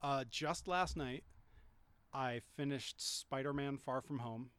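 A man's voice: mid-range voice, slow pace, a bit bright, smooth, no echo. A man speaking as a podcast guest, easygoing, often restarting his sentences. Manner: easygoing, stammers at starts. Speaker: podcast guest, pro wrestler. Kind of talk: casual chat.

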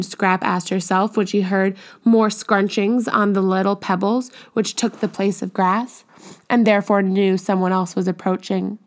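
A woman reading a classic novel aloud as audiobook narrator, measured and even. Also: medium pitch. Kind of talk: scripted narration.

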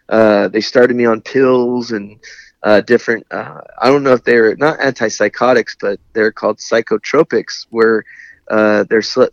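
A Navy veteran tells a long personal story in casual, candid speech, full of wry humor and laughing at his own anger. His voice is mid-range, and the audio is dull with no room sound.

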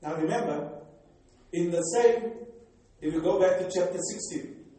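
A fervent, exhorting older pastor with a South African accent and a warm, mellow voice pitched a little high. He is picked up from far off in a very echoey hall. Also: unhurried. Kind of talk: sermon.

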